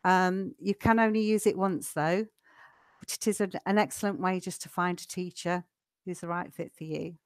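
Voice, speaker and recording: A woman teaching a live online English lesson, chatty and patient, slowing down so learners can follow. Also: lowish voice, steady tone, clean tone, no echo, clean studio sound.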